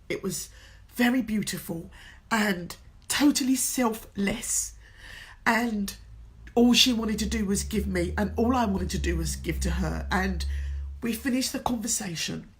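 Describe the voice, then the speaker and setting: An emotional middle-aged woman coach talks straight to her viewers in a heartfelt, earnest way, her voice at an ordinary middle pitch for a woman. She sounds moved, as if close to tears, yet keeps encouraging and lifting her listeners. She comes across as sincere and personal. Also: unhurried. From England. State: runny nose, emotional. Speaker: motivational speaker and coach. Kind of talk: emotional direct-to-camera talk.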